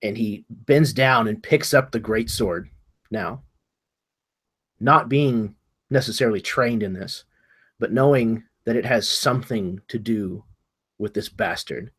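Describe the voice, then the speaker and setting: A man playing a tabletop game, narrating his character's actions in a halting way, often repeating words as he searches for them. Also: fairly low pitch, a bit bright, breathy edge. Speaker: player.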